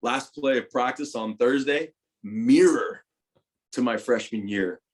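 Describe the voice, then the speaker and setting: With a mid-range voice and a slightly slow pace, a young man who retired from football tells his story openly in an interview. He speaks animatedly, swears freely, and veers from loud bursts to hushed asides.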